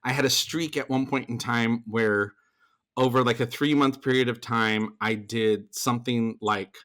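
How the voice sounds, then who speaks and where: A man in a podcast interview tells stories about his stage career in an animated, conversational way. His talk is loose and chatty, full of asides. His voice sits in an ordinary middle register. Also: medium pitch, measured pace. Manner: animated, acts out other people's lines in the story; loose, chatty delivery with fillers and restarts. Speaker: podcast guest, theater performer and voice actor. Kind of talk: conversational storytelling.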